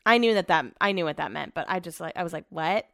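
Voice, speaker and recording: A woman's voice: fairly low pitch, lively intonation, quick pace, gravelly, fairly bright tone, dry recording, studio quality. A woman chatting casually at home as a vlog host, sarcastic and swearing freely. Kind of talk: casual chat.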